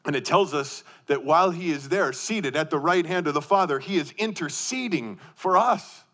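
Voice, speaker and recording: A male pastor delivering a sermon in a voice pitched a little higher than most men. He leans hard on rhetorical questions, then drops to a hushed intensity, and often restarts his phrases as he goes. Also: animated, moderate pace. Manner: emphatic preaching, rhetorical questions, swings from loud to hushed.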